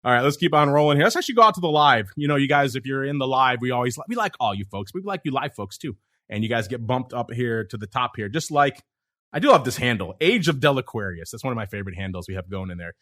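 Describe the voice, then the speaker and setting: Bright-voiced energetic male podcast host. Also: mid-range voice, fast. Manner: energetic, talkative, reads listener questions aloud. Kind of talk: casual podcast chat.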